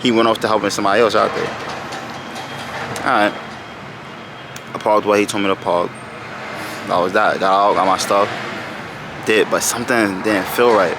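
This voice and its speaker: A man, low in pitch, tells a story in a casual vlog. He rambles loosely and talks in slang, circling back as he goes. Steady background noise runs under his voice. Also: moderate pace, long pauses. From New York. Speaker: vlogger.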